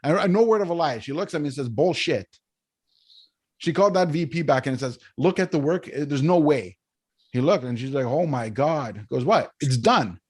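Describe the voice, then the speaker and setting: A man, a podcast guest telling stories in a casual interview, animated, often checking in with "right?". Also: on the high side, a little fast. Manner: animated storyteller, keeps asking "right?". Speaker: podcast guest, business coach.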